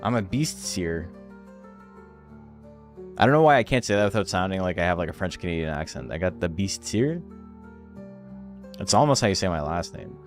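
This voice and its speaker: A man's voice: low voice, very animated, quick pace, soft background music. A man casually commentating a game stream, reading game text aloud with wry, offhand remarks.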